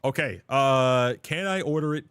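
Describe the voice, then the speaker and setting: A man's voice: mid-range voice, a little slow, a bit bright, clean tone, dry recording, studio quality. A man chatting loosely on a live stream. He swears freely, laughs often and keeps calling people dude and brother. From Canada. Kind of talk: casual live-stream chat.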